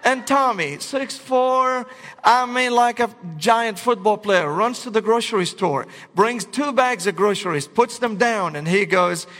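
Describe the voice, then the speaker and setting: A middle-aged pastor, preaching in animated, comic storytelling bursts. His voice sits fairly high for a man, and the long reverb of a large hall trails every phrase. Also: a little slow. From Syria. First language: Arabic. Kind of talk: sermon with humorous storytelling.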